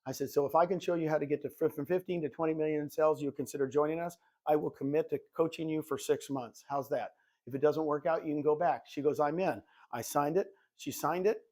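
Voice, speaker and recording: In a live presentation for real estate agents, a fast-talking man in his sixties with a higher-pitched voice coaches the room. Calling himself a goofball, he tells animated stories and acts out the conversations.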